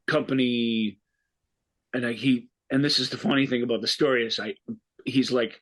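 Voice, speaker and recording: A man's voice: mid-range voice, fairly even intonation, normal speed, husky, rough recording. A man co-hosting a movie podcast, telling stories in a rambling, casual way with many restarts. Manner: rambling storyteller, frequent restarts and fillers. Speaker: podcast co-host. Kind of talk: casual chat about movies.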